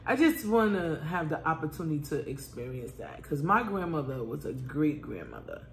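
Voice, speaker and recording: A woman's voice: deep voice, normal speed, gravelly. A middle-aged mother chatting at home, blunt and unfiltered, cursing as she talks. Her voice swings widely up and down, and the room gives it a roomy echo with faint noise behind. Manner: candid, blunt, swears freely, animated. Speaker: mother of the host, guest. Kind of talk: casual family chat over a meal.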